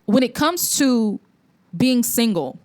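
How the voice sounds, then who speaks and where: A woman's voice: on the high side, animated, slow, a little mellow. Preachy young woman giving blunt opinions. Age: young adult. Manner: preachy, blunt, with many "you know" fillers and restarts. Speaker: commentary host. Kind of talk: opinion commentary vlog.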